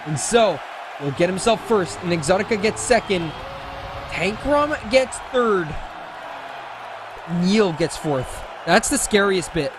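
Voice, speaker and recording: A man casting a racing esports match with play-by-play commentary, excitable and jokey, often correcting himself mid-call. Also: high-pitched, takes it slowly, long pauses, a crowd in the background, background noise. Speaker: esports caster.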